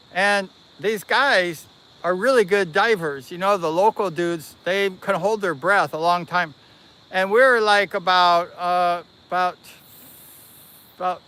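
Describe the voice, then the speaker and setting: A man hosting a livestream, casually telling a long personal story in an animated, rambling way and correcting himself as he goes. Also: sits high. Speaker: livestream host.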